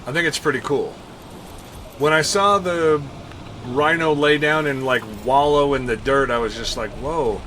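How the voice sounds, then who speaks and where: A man streaming a game live, chatting casually with viewers, thinking and counting out loud and laughing often. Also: on the high side, moderate pace, a little hiss or hum. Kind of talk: casual gameplay commentary.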